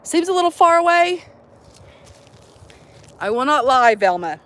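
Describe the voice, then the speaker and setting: A young woman vlogging to her phone outdoors at a campsite, chatting in an animated, profane, jokey way. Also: high voice, a little slow. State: out of breath. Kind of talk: casual chat to camera.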